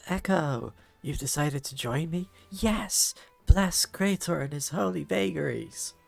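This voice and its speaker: A man voicing an excitable young woman inventor who talks in eager, loud bursts. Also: medium pitch, slow, creaky, slightly rough, faint music behind, full character voice. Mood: excited. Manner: eager, exclamatory.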